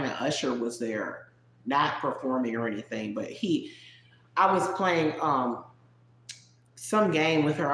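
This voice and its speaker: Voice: mid-range voice, fairly bright tone. A livestream host telling a personal story in casual, digressive chat, talking straight to viewers in the chat. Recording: roomy echo.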